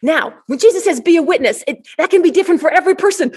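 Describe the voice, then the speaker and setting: A woman preacher giving a storytelling sermon at an online service, building to excited, near-shouted peaks. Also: very high-pitched, quick pace, few pauses. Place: online service, shared screen.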